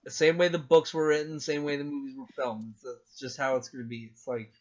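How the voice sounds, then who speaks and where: A young man co-hosting a casual podcast chat, rambling and excitable with lots of fillers. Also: mid-range voice, brisk. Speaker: podcast co-host. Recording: dull lo-fi sound.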